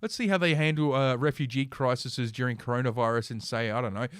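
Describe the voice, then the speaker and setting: A man's voice: mid-range voice, steady tone, a little fast, smooth, dry recording, clean studio sound. A man hosting a casual ranting commentary stream from his computer, reading news aloud with sarcastic, profane asides and lots of fillers. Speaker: host.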